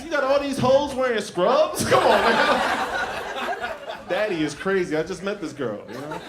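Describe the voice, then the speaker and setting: A man doing a stand-up comedy set on a club stage, handheld mic, with shouted punchlines. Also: high-pitched, normal speed, heavy background noise. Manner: animated, loud shouted punchlines and put-on voices for others.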